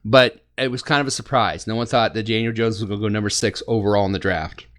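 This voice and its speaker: A man's voice: on the low side, fast, clear, resonant tone. Laughing sports podcast host, man. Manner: laughing, animated storytelling. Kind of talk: casual sports chat.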